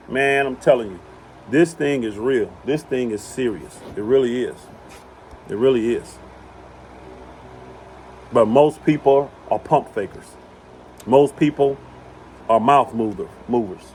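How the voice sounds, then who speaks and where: A man with a drawl preaches outdoors at a middle pitch, repeating key lines to drive them home. Faint background noise hums behind his emphatic delivery. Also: normal speed, a little mellow. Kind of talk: impassioned religious monologue. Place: outdoors on rural property.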